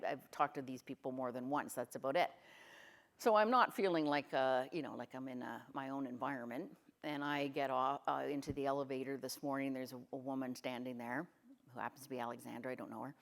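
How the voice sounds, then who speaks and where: A middle-aged woman with a notably low voice speaks as a guest at a conference. She questions the audience and tells stories in a lively way, often acting out what people said. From Canada. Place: conference room.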